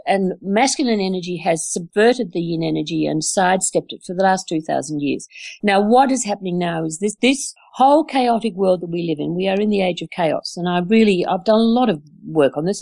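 A woman's voice: mid-range voice, no room sound. A woman co-hosting a casual chat over a video call, talking bluntly and with animation. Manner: animated, blunt, swears freely. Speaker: co-host.

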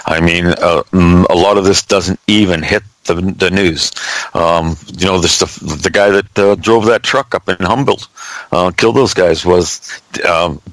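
A man's voice: low-pitched, a little slow, fairly bright tone, dry recording, rough recording. A man in his sixties hosting a casual call-in talk show, folksy and blunt, calling his guest buddy. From Canada. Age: 60s.

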